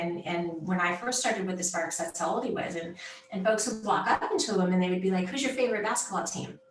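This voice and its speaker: Recorded on a distant mic in a reverberant space, with a little hiss or hum and low overall quality, a middle-aged woman speaks at medium pitch. She's a sports executive being interviewed as a guest, animated and emphatic, frequently tagging her points with "right?".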